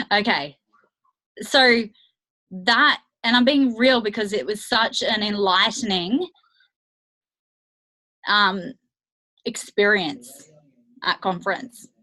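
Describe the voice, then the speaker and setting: A woman's voice: mid-range voice, takes it slowly, long pauses, pushed and bright, rough recording. A woman coaching her team on a video call, talking candidly and chattily with many fillers. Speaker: network marketing coach. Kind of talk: motivational team training call.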